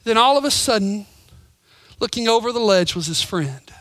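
High-voiced dramatic preacher man. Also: expressive, moderate pace, no room sound. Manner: dramatic, swings from loud emphasis to whispers; storytelling with voices. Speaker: pastor. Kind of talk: sermon.

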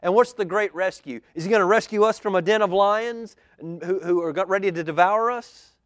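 Lively pastor reading a storybook. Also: male voice, high voice, a little fast, no echo, clean studio sound. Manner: lively, asks the children questions. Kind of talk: reading a children's storybook aloud. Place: church auditorium.

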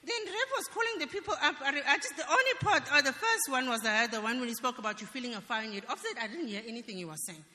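A woman stands in church giving her personal testimony, earnest and emphatic. Her voice sits fairly high and sounds bright and sharp. The sound carries a long reverb from the church hall. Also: animated, racing, few pauses.

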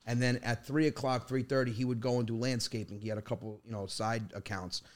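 A man telling a family story in a loose, animated way as a podcast guest. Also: medium pitch, fairly quick. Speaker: comedian guest. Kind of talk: casual storytelling.

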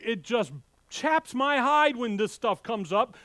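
High-voiced fiery preacher man. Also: takes it slowly, no room sound. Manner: animated, fiery preaching that swings loud to hushed; folksy, direct address to the congregation. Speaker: pastor. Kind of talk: sermon.

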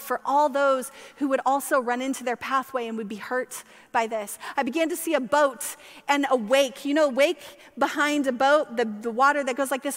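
A woman pastor delivers a sermon, her high voice ringing with long reverb in a church sanctuary. She speaks with passion, pressing toward emphatic peaks before easing back down. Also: fairly bright tone.

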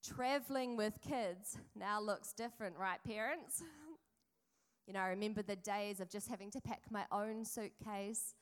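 A woman's voice: mid-range voice, steady tone, normal speed. Chatty New woman preaching. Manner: chatty and storytelling, with asides to the congregation. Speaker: pastor. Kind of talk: sermon.

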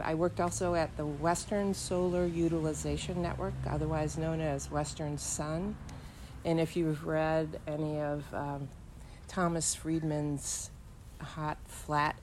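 Older woman, low voice, reflective interview guest, thoughtful and unhurried, recorded at home. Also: a little mellow, a little hiss or hum, poor audio. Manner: measured and thoughtful, with frequent filler pauses. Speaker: interview guest, energy executive. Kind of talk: reminiscing interview answers. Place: living room of her home.

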